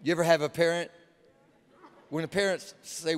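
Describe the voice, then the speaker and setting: A man's voice: on the high side, fairly even intonation, smooth. Emphatic male preacher in a big hall. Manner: emphatic, repetitive, with dramatic pauses. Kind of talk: sermon. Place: large conference hall. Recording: long hall reverb.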